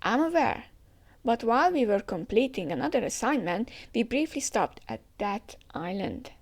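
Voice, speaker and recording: A woman's voice: on the high side, very animated, moderate pace. Woman reading as a formal scheming nobleman.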